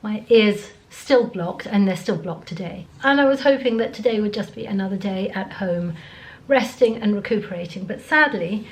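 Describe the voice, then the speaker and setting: A middle-aged woman vlogging casually to camera while ill and congested, hoarse and tired, often talking half-whispered. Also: mid-range voice, moderate pace, hardly any pauses, poor audio. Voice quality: gravelly. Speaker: beauty vlogger. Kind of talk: casual vlog chat to camera.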